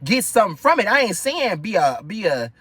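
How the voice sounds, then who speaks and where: A young man, telling a family story in an animated, profane, gossipy way. His voice sits high and swings widely in pitch, and it sounds bright and sharp. The recording is dry and close to the mic. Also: brisk, husky, no echo. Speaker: storyteller vlogger. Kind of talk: casual storytime monologue.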